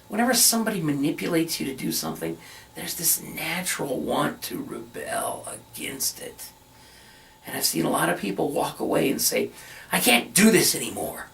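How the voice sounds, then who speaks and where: A middle-aged minister, a man, preaching in a relaxed, conversational way while telling his own story. His voice has a gravelly, creaky grain. He sits some distance back from the mic. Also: high voice. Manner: earnest storytelling, emphatic and conversational. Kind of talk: sermon-style personal reflection.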